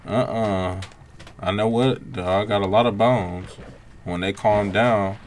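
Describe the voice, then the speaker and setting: A young man giving relaxed, reactive commentary over his own gameplay, breaking into quick exclamations. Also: lowish voice, a little hiss or hum. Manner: laid-back, reactive, frequent exclamations. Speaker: gaming channel host. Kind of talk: let's-play gameplay commentary.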